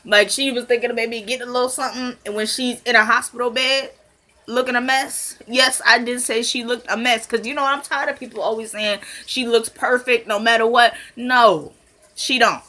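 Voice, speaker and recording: A woman chatting casually as she recaps a TV episode, retelling scenes with quick voiced quotes. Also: on the high side, fairly even intonation, pushed and bright. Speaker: TV recap vlogger.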